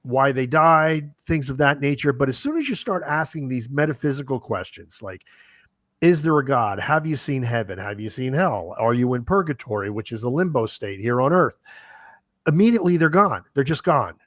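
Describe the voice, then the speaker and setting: With lively intonation and a medium-pitched, slightly bright voice, a male podcast host talks at a moderate pace in a dry recording. In this interview chat he rambles through reactions and questions, using plenty of fillers like "you know."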